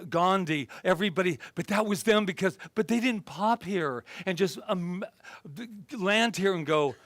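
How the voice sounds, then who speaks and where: A male minister giving a conversational sermon, animated and self-deprecating, then dropping to a soft, reflective tone. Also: high voice, dry recording. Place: spiritual center gathering.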